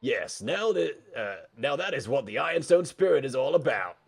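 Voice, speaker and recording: A man's voice: mid-range voice, very animated, normal speed, gravelly, slightly rough, voice pushed up, exaggerated voice. A man voicing a self-important teenage class president making a grand, pompous speech in a game.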